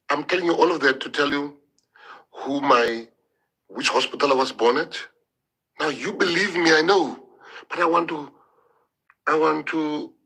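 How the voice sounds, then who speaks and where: Husky, emotional man. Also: fairly high pitch, bright, forceful tone, rough recording. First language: Afrikaans. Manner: emotional, halting, repeats words. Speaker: politician. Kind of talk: impassioned public address.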